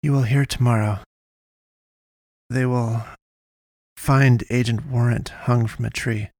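A man voicing a wounded young woman in a storybook reading, speaking low and clipped with a muttering edge. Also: fairly even intonation, slow pace, a little mellow, no room sound, studio quality. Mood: curt. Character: wounded pale young woman, curt and fierce.

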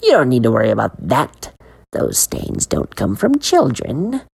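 A woman's voice: a bass voice, huge pitch swings, unhurried, vocal fry, darkish tone, husky, exaggerated voice. A woman voicing a sinister little male ice cream man who hisses and teases in a sing-song way. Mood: coaxing. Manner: hissing, teasing, sing-song.

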